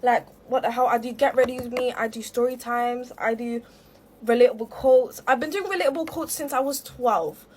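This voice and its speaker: A woman's voice: fairly high pitch, normal speed, a little hiss or hum. A young woman telling an aggrieved story to camera, rambling with plenty of fillers. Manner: rambling, heavy filler use, aggrieved retelling. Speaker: storytime creator.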